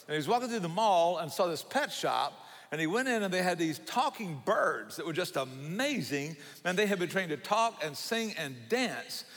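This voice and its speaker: An older man with a thick Southern Georgia accent preaches in a church, spinning folksy, joking stories. His voice sits a little high for a man and rings with the long reverb of a large sanctuary. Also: fairly bright tone. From Savannah, Georgia. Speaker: guest pastor. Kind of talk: sermon.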